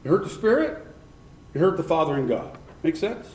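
A man's voice: fairly high pitch, very animated, a little fast, a little mellow, a little hiss or hum. A man preaching a sermon who keeps questioning his congregation and repeats points for emphasis. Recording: echoey room.

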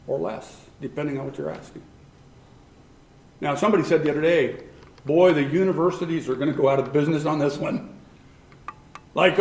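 A man preaching a sermon in a loose, conversational style, often asking his listeners questions. His voice sits high for a man. The sound carries a roomy echo, as in a church hall. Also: a little mellow. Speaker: pastor.

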